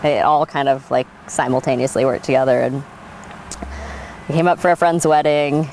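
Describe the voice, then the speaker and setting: A woman with a notably low voice recounts her story in a relaxed oral history interview. She talks animatedly, laughs often and leans on fillers. A faint hiss of noise sits under her voice. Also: normal speed. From Oregon. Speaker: winery worker being interviewed.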